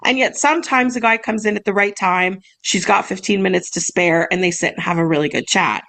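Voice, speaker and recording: A woman's voice: mid-range voice, a little fast, a bit bright. A young woman co-hosting a podcast in casual chat, bubbly and laughing often as she reads emails aloud. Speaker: podcast co-host, massage business owner.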